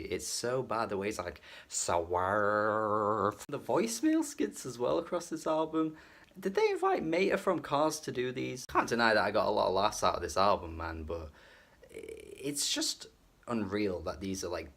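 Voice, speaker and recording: A man giving a casual album review as an exasperated, mocking rant with swearing, often laughing in disbelief between phrases. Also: on the low side. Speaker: music reviewer.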